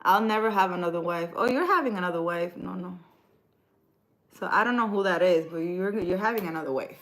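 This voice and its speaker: A woman's voice: lowish voice, fairly quick, fairly bright tone, rough recording. A woman hosting a casual livestream, reading viewer comments aloud, teasing her viewers and then giving earnest spiritual advice.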